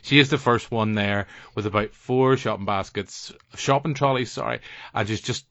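A man's voice: lowish voice, moderate pace, fairly bright tone, dry recording. A man with a Northern Irish accent hosting a podcast, bantering and teasing his co-hosts and putting on voices for others. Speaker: podcast host. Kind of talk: casual chat. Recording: dry, muffled lo-fi audio.

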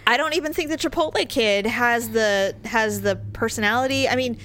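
A woman's voice: fairly high pitch, moderate pace, fairly bright tone. A woman with a stuffy nose chatting casually as a podcast co-host over a Skype call, rambling and a bit frustrated. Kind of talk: casual chat.

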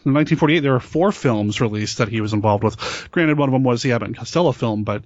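A man's voice: medium pitch, quick pace, a little mellow, no room sound, muffled recording. A man hosting a casual podcast chat, asking friendly questions and laughing easily. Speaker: podcast host, interviewer.

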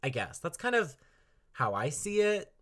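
A man's voice: a little high, sing-song, unhurried, fairly bright tone. A young man hosting a music podcast, talking casually and enthusiastically with lots of fillers and laughs. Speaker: podcast host reviewing an album. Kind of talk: casual solo podcast talk.

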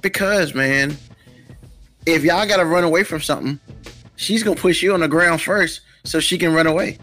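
Male co-host, higher bright voice, laid-back, slangy jokes, faint music. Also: moderate pace. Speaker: podcast co-host. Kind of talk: casual chat.

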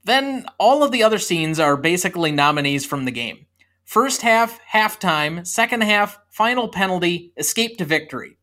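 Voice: mid-range voice, expressive, normal speed, bright, forceful tone. A podcast co-host in a casual movie review chat, talking with a sarcastic, dismissive edge.

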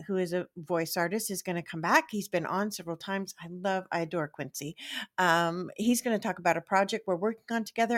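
A woman's voice: medium pitch, a bit bright, no echo, clean studio sound. Chatty laughing woman podcast host. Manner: chatty, laughs often, rambling asides. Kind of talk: casual chat.

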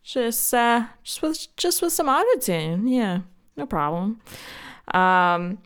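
Slow, smooth-voiced woman in her thirties. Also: fairly high pitch, expressive. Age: 30s. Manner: rambling, filler-heavy, self-mocking with frequent laughs. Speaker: podcast host. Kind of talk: casual solo chat.

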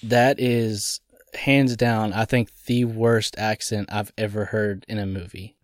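Laughing, animated man on a podcast. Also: lowish voice, slow, no room sound, clean studio sound. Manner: animated, laughs often, exclaims in disbelief. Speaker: podcast co-host. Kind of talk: casual movie review chat.

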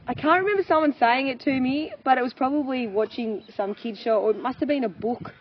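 Animated farm mum, lo-fi. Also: female voice, high-pitched, fairly quick. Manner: animated, laughs often, acts out quoted voices. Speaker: podcast guest, farmer and mother. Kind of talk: candid conversational interview. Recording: dull lo-fi sound with faint noise.

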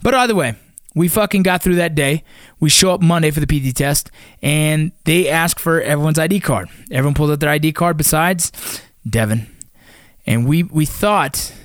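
A man's voice: on the high side, moderate pace, dry recording, clean studio sound. Blunt, profane ex-Ranger man. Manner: blunt and profane, with many fillers. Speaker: former Army Ranger. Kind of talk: casual storytelling.

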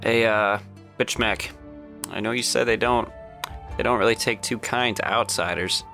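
A man's voice: lowish voice, fairly even intonation, moderate pace, vocal fry, pushed and bright, faint music behind. Hesitant, stammering male player. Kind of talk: casual tabletop play.

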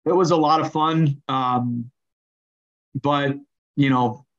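A man, a hockey coach and general manager, telling stories as a guest in an interview and lively acting out the people in them. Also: mid-range voice, slow pace, highs cut off. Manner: animated, acts out voices while telling stories. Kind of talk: conversational interview storytelling.

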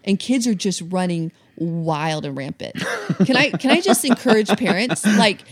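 A woman's voice: on the low side, very animated, normal speed. A woman co-hosting a casual chat, talking earnestly and urging her listeners. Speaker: podcast co-host.

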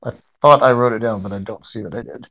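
A man's voice: on the low side, fast talker, dull audio. Wry man playing a tabletop game. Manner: wry, talks through each move. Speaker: player. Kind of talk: casual tabletop role-play.

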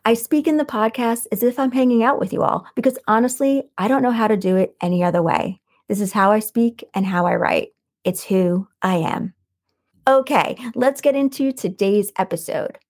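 Calm, soothing woman podcast coach. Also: fairly high pitch. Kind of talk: solo podcast teaching.

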